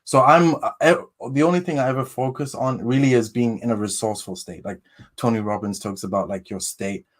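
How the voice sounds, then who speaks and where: A man's voice: medium pitch, fairly quick. A man as a podcast guest, talking in a hesitant, rambling way with many restarts. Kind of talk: casual chat.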